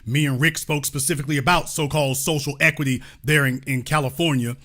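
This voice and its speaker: A man hosting his own show, giving commentary on clips in an animated, incredulous and explanatory way. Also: mid-range voice, fast talker. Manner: explaining, lecturing. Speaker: host.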